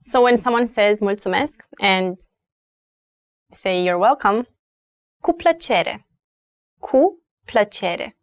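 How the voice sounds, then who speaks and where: A woman with a Romanian accent teaches a language lesson at an unhurried pace. She says each word slowly and repeats it for her learners, in a dry, close sound. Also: mid-range voice, dry recording.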